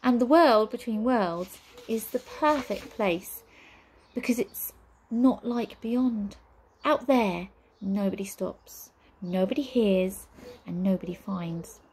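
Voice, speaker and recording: A woman voicing a sly, smug witch in a storybook reading, with a slow, teasing delivery. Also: medium pitch, darkish tone, a little hiss or hum. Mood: cool. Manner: cool, drawn-out, teasing delivery.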